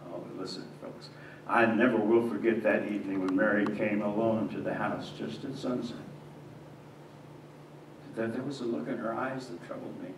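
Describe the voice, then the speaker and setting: A male pastor playing a devout young carpenter, telling his story in the first person with stammers and swings between hushed and agitated moments. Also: lowish voice, steady tone, normal speed, natural voice. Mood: earnest. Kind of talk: first-person dramatic monologue in a church. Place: church sanctuary. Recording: echoey church from a distance, faint hiss.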